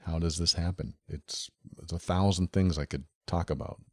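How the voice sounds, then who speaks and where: A man's voice: deep voice, fairly even intonation, moderate pace, no echo. A man hosting a solo podcast, talking earnestly and directly to the listener, often repeating his key phrases. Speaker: podcast host. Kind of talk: solo podcast talk on relationships.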